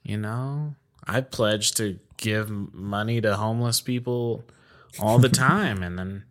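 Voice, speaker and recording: Guy with a lowish voice joking around, chill chat, trails off with um a lot. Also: unhurried. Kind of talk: casual chat.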